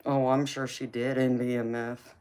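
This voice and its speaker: A woman with a Southern accent and a low, deep voice, chatting casually on a live stream as a tarot reader. She is easygoing, laughs often and calls her viewers honey and baby. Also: level tone, normal speed, darkish tone.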